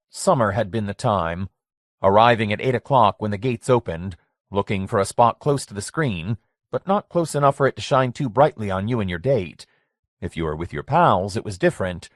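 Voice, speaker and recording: A man reading a horror story aloud in a steady, plain narrating voice, giving the characters light voicings. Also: on the low side, dry recording, clean studio sound. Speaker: audiobook narrator. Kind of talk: scripted narration.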